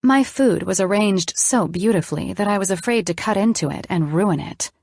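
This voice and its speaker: A woman's voice: medium pitch, animated, normal speed, a little mellow, dry recording. A woman narrating an audiobook in the first person, reading expressively.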